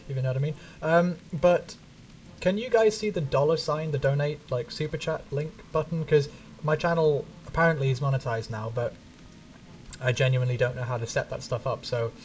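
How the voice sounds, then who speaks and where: Chatty English man streaming, distant mic. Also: fairly high pitch. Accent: neutral English. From England. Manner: rambling, chatty, casually swearing. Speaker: game streamer. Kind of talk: casual gaming stream chat.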